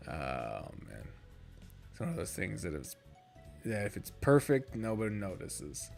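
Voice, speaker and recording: A man's voice: big pitch swings, unhurried, vocal fry, soft background music. A man streaming a strategy game, rambling in casual commentary, swearing freely and joking at his own expense. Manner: lowers voice at times so a roommate's call isn't disturbed.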